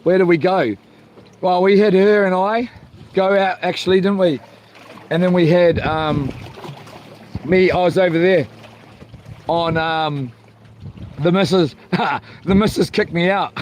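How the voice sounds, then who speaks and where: A man's voice: high-pitched, takes it slowly, pauses often. A man chatting casually while fishing, joking, rambling and swearing. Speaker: fishing vlogger. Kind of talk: casual vlog chat. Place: outdoors by the water while fishing.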